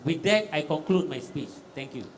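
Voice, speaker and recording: A man's voice: a little high, lively intonation, moderate pace, noisy background. A Malaysian man in his fifties, a government agency official, giving an off-the-cuff keynote and often asking the audience if he is right. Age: 50s. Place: exhibition hall.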